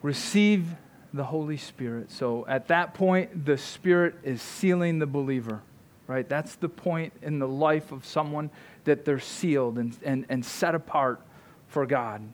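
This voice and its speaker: A male pastor delivers a fervent sermon in a somewhat high voice. He stumbles over and repeats words as he builds up, and checks in with his listeners by asking "right?".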